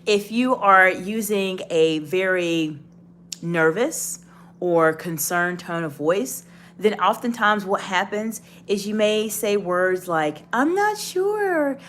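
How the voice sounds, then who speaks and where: Taking it slowly, a woman with a lowish, fairly bright voice speaks straight to the viewer in an encouraging leadership coaching lesson meant to instruct. Slight background noise is present.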